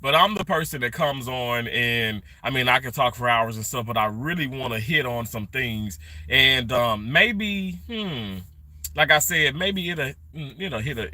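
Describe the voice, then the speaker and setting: A middle-aged man chatting casually on a live stream, greeting viewers by name and rambling warmly. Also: mid-range voice, no echo. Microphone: phone held vertically.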